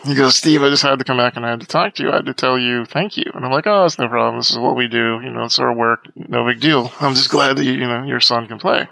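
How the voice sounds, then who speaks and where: Man, podcast guest, gravelly voice, bright tone, animated storytelling, dry close mic. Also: mid-range voice, fast talker, few pauses, no echo, poor audio. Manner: animated storyteller acting out quoted dialogue. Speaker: guest, accessibility advocate. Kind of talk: conversational storytelling.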